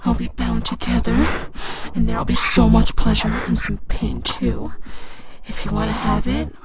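A young woman in a whispered role-play, speaking in a breathy, intimate, teasing whisper. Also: very deep voice, little pitch movement, moderate pace.

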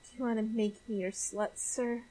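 A woman playing a high, breathy, pleading elf. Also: fairly even intonation, normal speed, warm tone, natural voice, poor audio.

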